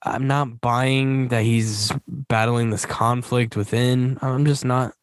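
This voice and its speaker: A man's voice: medium pitch, fairly even intonation, slow pace, dry recording. A man giving casual, blunt movie commentary as a podcast host, swearing and scoffing often.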